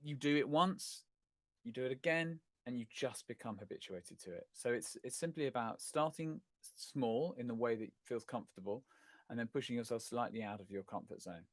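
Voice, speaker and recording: A man's voice: mid-range voice, lively intonation, normal speed, fairly bright tone, no echo. A middle-aged man hosts a casual livestream chat, answering viewer questions in a rambling, self-correcting, self-deprecating way. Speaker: host of a live chat stream.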